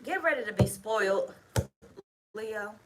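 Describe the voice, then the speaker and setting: A woman's voice: mid-range voice, animated, measured pace, noisy background. A woman giving a casual tarot reading to camera, talking bluntly and emphatically, with plenty of swearing. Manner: blunt, profane, emphatic, chatty. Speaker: tarot reader.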